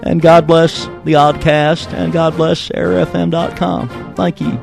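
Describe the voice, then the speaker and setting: A man's voice: on the high side, little pitch movement, measured pace, vocal fry, music in the background. A man doing a lecherous impression of a famous male politician in a comedy spot. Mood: leering.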